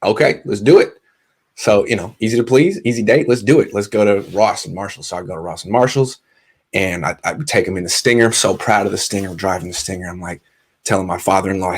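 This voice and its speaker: Animated man telling a story. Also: fairly low pitch, quick pace, husky. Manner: animated, self-deprecating, lots of restarts. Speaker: sports insider and vlogger. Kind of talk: casual storytelling monologue.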